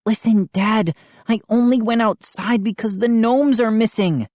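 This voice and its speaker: A woman's voice: a little high, a little slow, dark tone, no echo, pitched above the performer's own voice, natural voice. A woman voicing a frightened young boy who insists and pleads to be believed. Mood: pleading.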